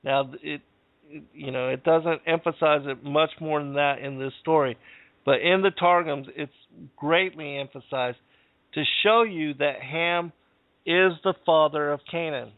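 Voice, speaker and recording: A man speaking as host in a fairly high voice, reading passages aloud and pausing to comment. The sound is narrow and phone-like, with no room echo at all. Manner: measured, reads passages aloud with pauses. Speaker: podcast host. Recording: dry phone-like audio.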